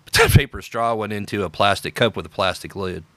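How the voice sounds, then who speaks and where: Opinionated man with a bright, dry voice. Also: on the low side, a little fast, dry recording. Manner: opinionated, sarcastic, emphatic repetitions. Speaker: podcast host. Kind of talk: unscripted political commentary.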